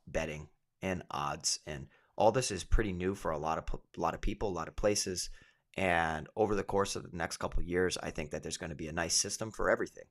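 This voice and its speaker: Deep-voiced man in casual betting talk. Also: fairly quick. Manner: relaxed, thinks aloud with many asides. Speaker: MMA fighter and co-host. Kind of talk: casual sports betting chat.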